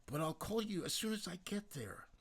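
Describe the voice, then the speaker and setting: A man voicing a soft-spoken, tender young man in an audiobook. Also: high voice, expressive, moderate pace, husky, pitched above the performer's own voice. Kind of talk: audiobook character voice.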